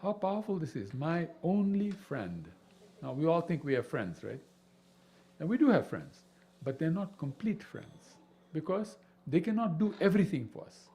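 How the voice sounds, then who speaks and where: Lively man teaching scripture. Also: on the high side, moderate pace, highs cut off. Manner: animated, peppered with rhetorical questions. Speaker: spiritual teacher. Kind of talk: devotional scripture class.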